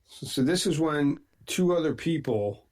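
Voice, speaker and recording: A man playing along on a comedy podcast game over a video call, rambling through rushed stories. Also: fairly high pitch, lively intonation, darkish tone. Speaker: game show contestant. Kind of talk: crude comedy podcast banter. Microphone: online video call.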